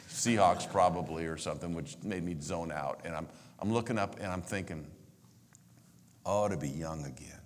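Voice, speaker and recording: A man in his sixties, a pastor telling a heartfelt story in a sermon, repeating himself when moved and sinking to a hushed near-whisper. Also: deep voice, a little hiss or hum.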